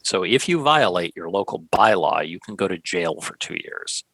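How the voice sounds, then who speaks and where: A man's voice: low voice, big pitch swings, normal speed, fairly bright tone, slightly rough, no room sound, low-quality recording. A man co-hosting a podcast, chatting casually with dry, sarcastic asides. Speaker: podcast co-host. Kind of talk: casual chat.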